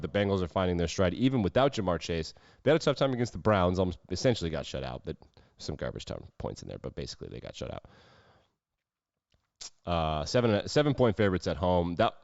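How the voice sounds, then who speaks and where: Deep-voiced man giving brash sports picks. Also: a little mellow, no room sound, lo-fi sound. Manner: opinionated, brash, swears freely. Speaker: podcast host. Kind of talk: casual sports betting talk.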